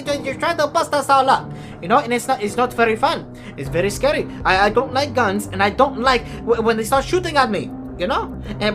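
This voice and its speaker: A woman's voice: on the high side, natural voice. Woman doing an exasperated churchgoing sister, stammering. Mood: scolding. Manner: stammering, repetitive, ranting. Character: exasperated churchgoing sister scolding her brother. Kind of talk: comedic skit acting. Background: music.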